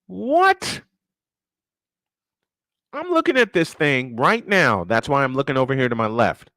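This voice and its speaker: A man's voice: mid-range voice, wildly swooping pitch, fairly quick, sharp tone, no echo, studio quality. A man hosting a casual live-stream sports show, ranting and firing off rhetorical questions, repeating his points for emphasis.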